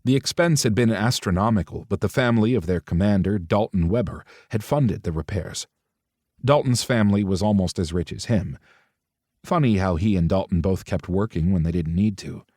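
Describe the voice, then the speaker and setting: Low-voiced male audiobook narrator, dry. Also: normal speed, darkish tone, no room sound. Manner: puts on voices for each character in dialogue.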